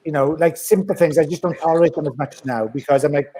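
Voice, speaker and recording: A man's voice: a little high, fast, a little hiss or hum. A man talking bluntly and energetically in a casual podcast chat. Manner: blunt, animated, acts out quoted voices.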